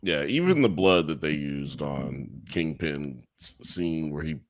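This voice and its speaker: A man's voice: extremely low pitch, expressive, measured pace. A man co-hosting a casual podcast chat, bantering and joking in a laid-back way. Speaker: podcast co-host.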